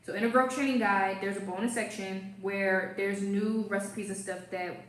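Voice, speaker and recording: A woman's voice: mid-range voice, fairly even intonation, moderate pace, roomy sound, low-quality recording. A young woman hosting a casual hair care livestream, playful and chatty, reading viewer comments as she goes.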